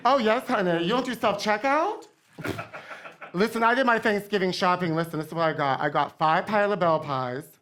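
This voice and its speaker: Playing a vain, brash pop diva who calls everyone honey, this woman delivers campy, rambling in-character stand-up as a comedy guest on a theater stage with a live audience. Her medium-pitched voice is brisk, fairly bright and lightly acted, with a little hiss or hum.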